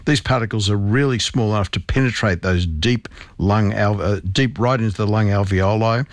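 A middle-aged man, a doctor, walks through medical findings in an interview, stressing key terms with conviction. His voice sits low, and the recording is dry and close, with no room sound. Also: moderate pace, no room sound. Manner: explanatory, emphatic with medical terms.

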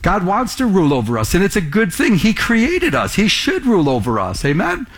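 A man's voice: high voice, huge pitch swings, a little fast. A man preaching a sermon in a conversational way, often repeating words and asking the congregation questions. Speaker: pastor.

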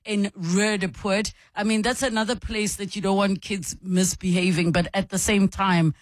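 A woman's voice: medium pitch, normal speed, no room sound. Woman hosting call-in radio. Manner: reads listener messages aloud, chatty and animated. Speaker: radio show host.

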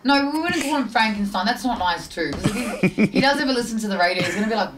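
A woman's voice: mid-range voice, lively intonation, a little fast, hardly any pauses, noisy background. A young woman co-hosting a radio chat, telling a long rambling story and acting out the quotes. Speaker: radio co-host. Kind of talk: casual chat.

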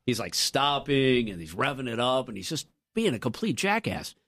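Animated male radio co-host telling stories. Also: normal speed. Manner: animated, jumps up in pitch for quoted lines. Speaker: radio morning show co-host. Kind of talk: casual storytelling chat. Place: radio studio.

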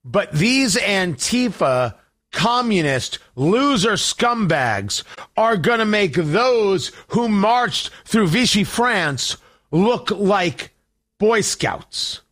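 A man hosting a talk radio show, delivering opinionated commentary in an emphatic, deliberate way with sarcastic asides. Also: sits high, very animated, a bit bright.

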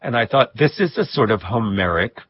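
A man recalling personal memories in a reflective interview, with a husky voice and soft laughs. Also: on the low side, lively intonation, brisk, no room sound, dull audio. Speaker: guest. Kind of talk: reflective storytelling.

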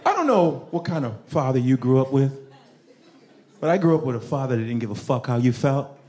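A male stand-up comedian talking to a club crowd in a loud, animated way and acting out his parents. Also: medium pitch, fairly quick. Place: comedy club stage with live audience. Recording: live club audio with crowd noise.

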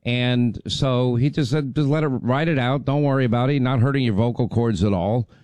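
A man's voice: mid-range voice, a little fast, a little mellow, dry recording. A man hosting a talk radio show, rambling and chatty, getting over laryngitis. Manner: rambling, chatty, many fillers. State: recovering from laryngitis. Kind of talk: casual talk radio chat.

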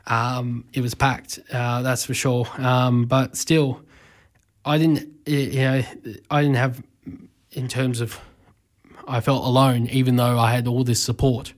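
A man, hosting a community radio talk show, speaking emotionally and haltingly with many fillers and restarts, his voice breaking with grief. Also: medium pitch, little pitch movement. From Australia. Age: 20s. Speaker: radio host.

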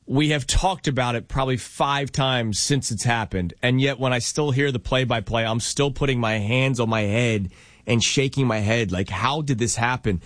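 A man co-hosting a sports talk radio show, arguing his points in an animated, emphatic way. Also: medium pitch, normal speed, no room sound.

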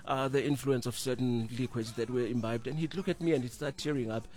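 A middle-aged man, co-hosting a morning radio show in easy, animated chat from a studio. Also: medium pitch, quick pace. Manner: animated, laughs easily, restarts and fillers. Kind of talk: casual breakfast radio chat.

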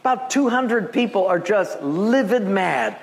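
With lively intonation and a measured pace, a pastor tells stories in his sermon. He performs the quoted voices of his characters, leaping widely in pitch.

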